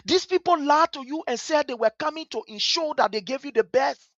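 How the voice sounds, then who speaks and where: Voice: high voice, a little fast, a bit bright, no room sound, dull audio. A host with a Liberian accent who comments angrily and passionately on a video during a livestream. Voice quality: passionate, emphatic, repetitive. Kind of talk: angry live commentary over a video.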